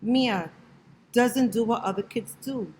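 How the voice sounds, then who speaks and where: A worried mother voices her concern with sighs in a storybook, as a woman reads her part. The pace is slow and even. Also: a little high, in a large hall, a little hiss or hum, low-quality recording. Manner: sighing, concerned. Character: worried mother of a young girl.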